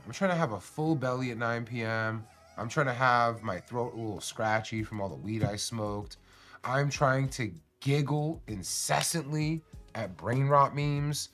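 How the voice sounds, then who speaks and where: Male streamer host, mid pitch, loose and profane, jokey rambling delivery, faint music underneath. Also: moderate pace, fairly bright tone. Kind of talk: casual livestream chat.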